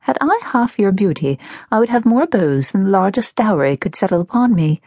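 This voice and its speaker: A woman voicing a composed, proper elder sister in an audiobook, speaking in a measured, prim and polite way. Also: mid-range voice, big pitch swings, a little mellow, no room sound, studio quality. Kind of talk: audiobook character voice.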